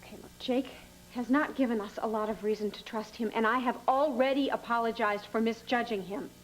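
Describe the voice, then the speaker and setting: An actress playing a patient older sister in a soap opera, calm and earnest. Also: female voice, a little high, a little fast, lightly acted, low-quality recording.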